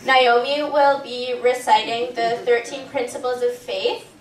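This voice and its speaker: Woman event host, brisk and explanatory, fairly high voice, echoey hall from far off. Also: steady tone. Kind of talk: announcing. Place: hotel function room.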